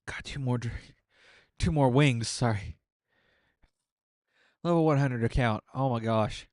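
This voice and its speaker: A man's voice: mid-range voice, unhurried, darkish tone, no echo, clean studio sound. A man streaming a game while eating painfully spicy wings, sweating, teary and groaning in exasperation as he keeps commenting. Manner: groaning and exasperated, talks through suffering. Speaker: gaming content creator. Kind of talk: casual gameplay commentary.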